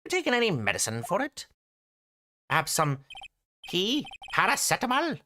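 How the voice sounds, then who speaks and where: A man's voice: high-pitched, huge pitch swings, normal speed, sharp tone, a little hiss or hum, pitched above the performer's own voice, full character voice. A man reading aloud the lines of a composed woman defence lawyer in a video game. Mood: pointed.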